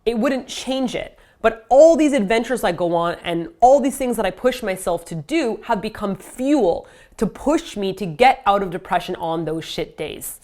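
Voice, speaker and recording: A woman's voice: mid-range voice, a little mellow. A woman in her thirties talking candidly in a personal vlog, open and self-deprecating with small jokes. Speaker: vlogger.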